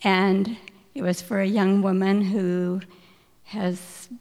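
A woman speaks slowly and hesitantly as she begins a testimony at a church meeting. Long church hall reverb hangs on her words. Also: mid-range voice, flat delivery, gravelly, a little mellow. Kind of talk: telling a testimony.

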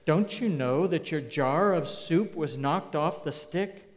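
A man's voice: on the high side, slow pace, voice pushed up. An impatient, puzzled bystander, as a male preacher puts him on in a sermon's parable. He presses his questions insistently. A long church-hall reverb trails his lines.

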